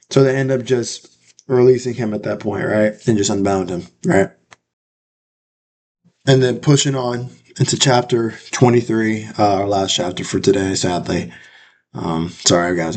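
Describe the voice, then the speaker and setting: A man's voice: on the low side, darkish tone. A young man casually retelling a Bible passage in a loose, slangy way, full of fillers and tag questions, acting out the people in it. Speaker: bible reading vlogger.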